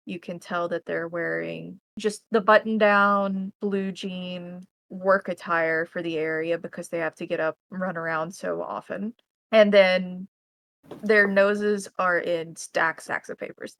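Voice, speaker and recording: Gravelly American woman running the game. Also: on the low side, no room sound, poor audio. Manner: descriptive, steady scene-setting. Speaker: game master. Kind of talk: narrating a tabletop game.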